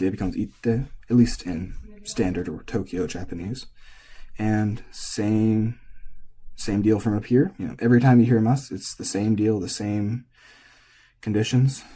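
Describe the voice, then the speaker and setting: A man teaching pitch in a relaxed, casual lesson, thinking aloud as he goes. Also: unhurried, husky. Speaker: language teacher.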